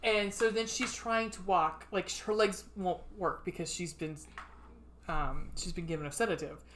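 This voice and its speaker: A woman co-hosts a casual podcast, walking through a film's plot with plenty of fillers and curses. Her voice is bright and clear. A faint hiss runs behind her. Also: on the low side, steady tone, normal speed. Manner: swearing, chatty, filler-heavy recap. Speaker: podcast co-host. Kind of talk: casual chat.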